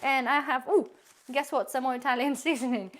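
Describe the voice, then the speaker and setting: Woman, chatty, rambling, fairly high voice, casual home vlog tour. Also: fairly quick, fairly bright tone. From UK-based. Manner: chatty, rambling, laughs often. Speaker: prepping vlogger.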